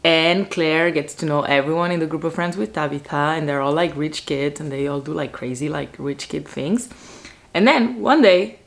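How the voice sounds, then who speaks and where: A woman vlogger chatting casually about books to a camera at home, excitable and full of "like" fillers. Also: deep voice, normal speed, creaky, few pauses. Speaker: book vlogger. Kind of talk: casual book chat to camera.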